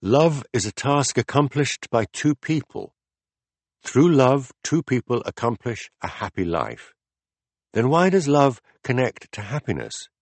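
A man voicing a patient philosopher who explains ideas step by step in a measured, deliberate audiobook reading. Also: medium pitch, big pitch swings, no room sound. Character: calm, patient male teacher explaining ideas. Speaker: philosopher in a dialogue.

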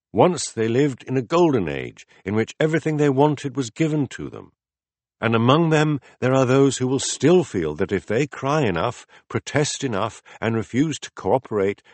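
A man voicing a patient philosopher who explains ideas step by step in a measured, deliberate audiobook reading. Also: medium pitch, darkish tone, dry recording. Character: calm, patient male teacher explaining ideas. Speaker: philosopher in a dialogue.

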